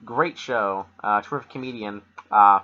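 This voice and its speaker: A man's voice: on the low side, normal speed, dull audio. A young man co-hosting a podcast in rambling casual chat, joking and restarting his sentences. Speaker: podcast co-host.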